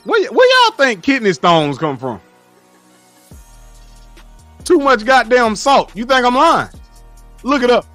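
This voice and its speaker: A man with a high-pitched voice holds forth on a casual livestream, answering his chat. He lectures bluntly and swears freely. Soft music plays faintly underneath. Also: sing-song, slow pace, pauses often, no echo. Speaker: streamer reading live chat.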